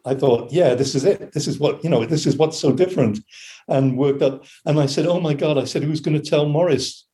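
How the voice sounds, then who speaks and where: A man's voice: a little high, a little fast. An older man telling studio stories in a casual interview, acting out other people's quotes and humming melodies as he goes. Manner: animated anecdotes, acts out quotes and hums melodies. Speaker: session keyboard player telling studio stories.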